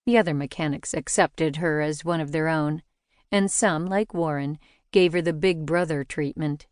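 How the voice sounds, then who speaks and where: A woman narrating a mystery novel in a measured, even storytelling delivery. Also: low-pitched, clear, resonant tone, no room sound, studio quality. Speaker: audiobook narrator. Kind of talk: scripted narration.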